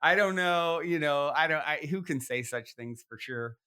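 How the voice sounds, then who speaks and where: A man's voice: fairly high pitch, moderate pace, sharp tone, clear, resonant tone. A man hosting a podcast, telling a long personal story in a rambling way with many fillers and restarts. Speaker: podcast host. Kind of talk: animated storytelling in conversation.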